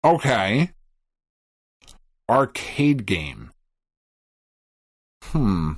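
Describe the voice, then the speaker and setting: A man's voice: lowish voice, extremely slow, no room sound, studio quality. A man co-hosting a gaming podcast in casual chat, swearing freely and acting out quotes as he tells stories. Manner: profane, animated storyteller who acts out quotes. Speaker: podcast co-host.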